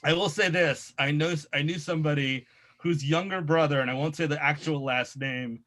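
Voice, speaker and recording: A man's voice: a little high, fairly even intonation, moderate pace, a bit bright, voice pushed down, natural voice. A man putting on a nerd voice to read a letter aloud. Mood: nerdy. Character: nasal nerdy young man reading a letter.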